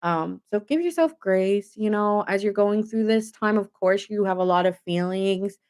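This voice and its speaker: A woman's voice: medium pitch, normal speed, darkish tone, clean tone. A young adult woman giving a casual tarot reading to camera, talking emphatically with lots of filler words and open indignation. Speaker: tarot reader.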